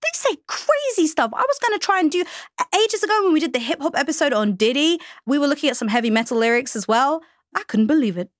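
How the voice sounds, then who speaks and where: A woman co-hosting a casual chat, animated and exclaiming in disbelief. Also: high-pitched, fast talker, no echo, clean studio sound. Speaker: co-host.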